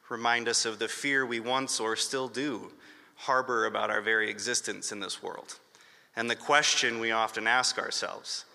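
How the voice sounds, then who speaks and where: A man's voice: mid-range voice, vocal fry, bright, forceful tone. A man in his thirties from northern Michigan giving an earnest acceptance speech with touches of humor in a hotel ballroom. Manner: earnest and emotional, with light humor. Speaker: award honoree giving a speech. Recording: long hall reverb.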